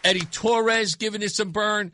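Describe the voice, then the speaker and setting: A man's voice: high-pitched, steady tone, moderate pace, bright, forceful tone, slight background noise. A man hosting a talk radio show, speaking bluntly and emphatically into a studio microphone, repeating his points for effect. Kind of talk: opinionated talk radio monologue.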